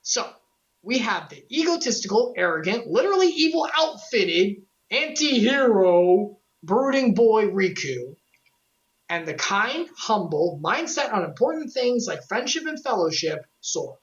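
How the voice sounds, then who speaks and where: Animated woman joking through a lore recap. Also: medium pitch, a little slow, lo-fi sound. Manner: animated, joking, with sarcastic asides. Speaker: streamer recapping game lore. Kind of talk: casual lore recap on a stream.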